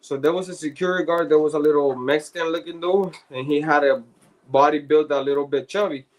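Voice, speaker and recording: Brief: man, podcast co-host, loose profane storyteller, fairly high voice. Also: brisk. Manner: profane, slangy, laughs often. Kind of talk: casual chat, storytelling.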